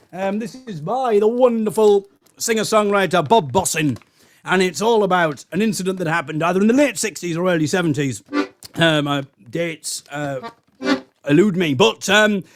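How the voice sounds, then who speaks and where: A man introducing a song at a benefit gig, in a rambling and jokey way with many ums and uhs. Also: sits high. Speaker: folk singer at a benefit gig. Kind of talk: chatty song introduction between numbers.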